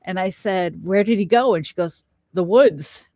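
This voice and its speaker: A woman's voice: mid-range voice, normal speed, no echo, studio quality. A middle-aged woman recounting a personal encounter as a podcast guest, acting out quoted lines as she tells it. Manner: animated storyteller, acts out quoted lines. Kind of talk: casual storytelling interview.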